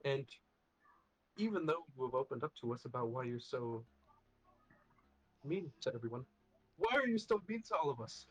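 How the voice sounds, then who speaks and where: A man's voice: medium pitch, expressive, moderate pace, pauses often, husky, poor audio. A man playing an earnest, protective young man.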